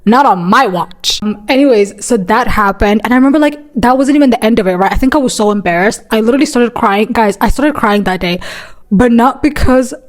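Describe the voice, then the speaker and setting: A young woman telling a story in a casual vlog, chatty and animated, with plenty of fillers and casual swearing. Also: on the high side, brisk. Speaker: vlogger.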